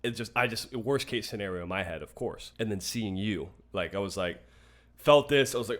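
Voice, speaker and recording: A man's voice: lowish voice, fairly quick, a bit bright. A young man co-hosting a podcast, telling an emotional personal story in an earnest, open way with frequent restarts. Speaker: podcast co-host. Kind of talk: casual podcast conversation.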